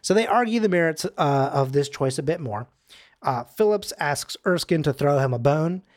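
A man's voice: on the high side, expressive, moderate pace. Upbeat man recapping a film. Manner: enthusiastic, laughs often while retelling scenes. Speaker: podcast co-host recapping a film. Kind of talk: casual chat.

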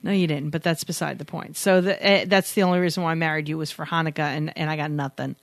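A woman's voice: low-pitched, fairly even intonation, quick pace, no echo. A woman co-hosting a podcast, chatting casually and teasing her co-host, often rambling and contradicting him. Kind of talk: casual banter and interview.

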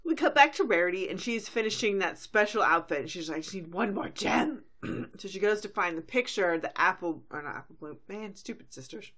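A woman's voice: fairly low pitch, lively intonation, brisk, few pauses, fairly bright tone. Chatty woman recapping a cartoon. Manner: chatty storytelling, acts out quotes. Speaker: podcast co-host. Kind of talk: casual cartoon episode recap.

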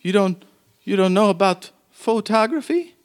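A man's voice: sits high, animated, normal speed, smooth, voice pushed up. A man voicing a kindly, chatty older widow who reassures her guest, in a tabletop game.

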